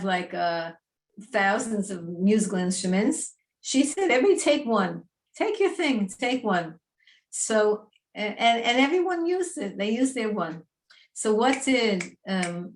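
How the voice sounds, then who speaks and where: A woman teaching a Torah class in a lively, chatty, emphatic way. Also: medium pitch, measured pace.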